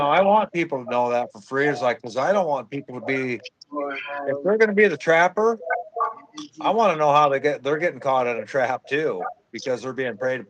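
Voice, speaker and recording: A man's voice: medium pitch, muffled recording. A man from Iowa hosting a casual podcast chat, blunt and crude while agreeing readily with his co-host. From Iowa, USA.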